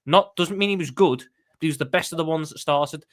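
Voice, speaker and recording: Male panelist, voice on the higher side, emphatic, stumbles over repeated words, passionate match talk. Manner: fast, emphatic, repeats words when excited. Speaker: panel guest, football fan.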